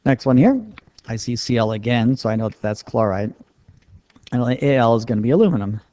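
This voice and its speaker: A man's voice: mid-range voice, animated, normal speed, warm tone. A man explaining a chemistry lesson step by step in a patient, plain-spoken way while writing on a board. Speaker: chemistry teacher. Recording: dull lo-fi dry recording.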